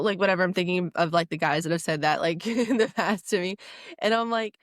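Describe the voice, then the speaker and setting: Chatty gal co-hosting a podcast, says like a lot, mid pitch, dry close sound. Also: female voice, a little fast, no room sound. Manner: chatty, lots of "like" fillers, enthusiastic. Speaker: podcast co-host. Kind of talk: casual chat.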